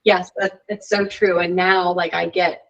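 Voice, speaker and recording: A woman's voice: lowish voice, level tone, unhurried, highs cut off. A woman being interviewed on a podcast, telling a story in a chatty way with lots of "like" and "you know". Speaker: podcast guest. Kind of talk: casual interview chat.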